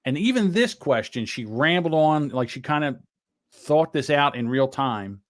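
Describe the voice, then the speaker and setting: A man's voice: on the high side, expressive, unhurried. A man hosting a podcast, giving blunt, rambling commentary in casual chat. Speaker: podcast host.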